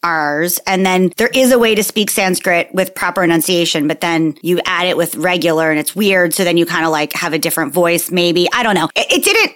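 A woman's voice: on the low side, fairly quick, few pauses, fairly bright tone. A young adult woman co-hosting a podcast, talking in a chatty, casual way with lots of "like" and frequent laughter. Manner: chatty, many "like" fillers, laughs often. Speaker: podcast co-host. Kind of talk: casual chat.

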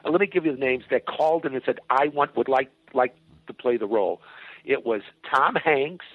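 An older man, a comedy writer and producer, telling an animated, profane story as a guest on a phone interview from his home. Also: mid-range voice, brisk, dry recording. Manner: animated, profane storyteller who acts out other people's lines. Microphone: telephone. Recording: tinny phone line, husky and dry.

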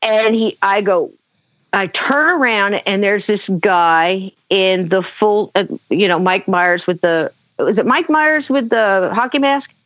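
A middle-aged woman, a guest on a talk show, tells a story animatedly, laughing often and acting out her own quotes. Her mid-range voice keeps a measured pace, and the sound is dull and dry with no echo.

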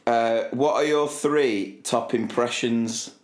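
A man's voice: medium pitch, slow pace, roomy sound. A man co-hosting a casual podcast, putting listener questions to his partner and teasing him. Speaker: co-host.

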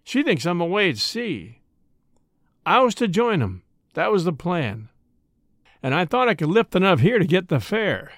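A man reading the part of a bitter, hopeless ex-convict burglar, speaking hoarsely, fiercely and doggedly. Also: sits high, sing-song, moderate pace, long pauses, fairly bright tone, dry recording, studio quality, exaggerated voice.

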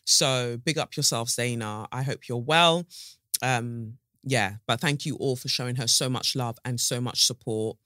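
A woman hosting a solo podcast, chatting frankly and animatedly, swearing freely and swooping up in pitch. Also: measured pace, fairly bright tone, no room sound, studio quality. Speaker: podcast host.

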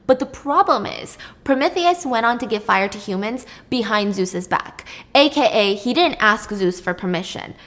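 A woman's voice: fairly high pitch, animated, normal speed, few pauses, a bit bright. A young woman retelling a myth to a friend in a chatty, blunt, laughing way. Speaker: podcast host.

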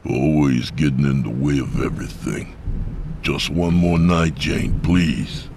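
A man voicing an exhausted, gruff bus driver who talks impatiently. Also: extremely low pitch, steady tone, unhurried, darkish tone, a little hiss or hum.

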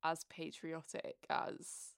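Young woman british, low voice with lots of vocal fry, chatty and candid, dry close mic. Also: completely flat delivery, slow pace, fairly bright tone, dry recording. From Britain. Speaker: podcast co-host. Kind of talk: casual chat.

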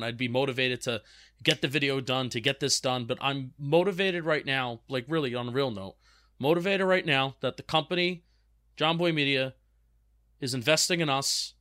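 A young man talks loosely through listener questions, circling back and restarting his sentences. His voice sits at an ordinary pitch with a dry, close sound and no room around it. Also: fairly bright tone, no room sound. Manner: rambling, restarts often, reads out fan questions. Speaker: sports podcast co-host. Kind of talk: casual chat.

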